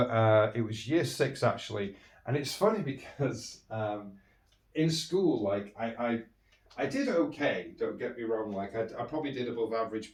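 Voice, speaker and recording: A man's voice: mid-range voice, echoey room, distant mic. A man with a British accent telling candid, rambling stories about his own childhood as a podcast host. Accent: British English. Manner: rambling and candid, with frequent restarts and chuckles. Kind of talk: candid personal storytelling.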